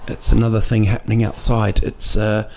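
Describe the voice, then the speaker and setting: A man talks through a loose, jokey podcast monologue, wandering off on tangents and restarting his sentences. His voice is dark and mellow, with a gravelly rasp at the bottom. Faint background noise sits under it. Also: on the low side, level tone, normal speed. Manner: rambling and jokey, with many restarts and fillers. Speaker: podcast host and comedian. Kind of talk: casual comic monologue. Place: indoors at night in a city.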